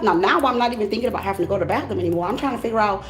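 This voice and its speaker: A woman's voice: medium pitch, racing, slight background noise. A woman telling a story casually to her viewers, laughing, swearing and acting out what people said. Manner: animated, swearing, laughing storyteller who acts out dialogue. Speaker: tarot reader and channel host. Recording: echoey room.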